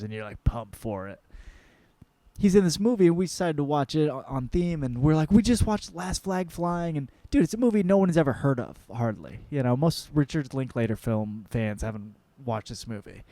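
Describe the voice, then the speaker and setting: Profane, excitable young man. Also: mid-range voice, dry recording. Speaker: podcast host. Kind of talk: casual storytelling monologue.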